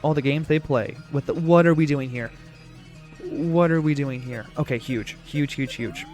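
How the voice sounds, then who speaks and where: A gaming YouTuber gives let's-play commentary on a puzzle game, talking to the game and repeating short phrases. His mid-range voice is a little mellow at normal speed, with faint music in the background.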